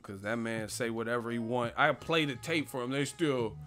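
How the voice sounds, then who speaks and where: A man's voice: mid-range voice, moderate pace, fairly bright tone, faint music behind. A man hosting a boxing live stream, reading chat questions and answering in a brash, mocking, profane trash-talk manner.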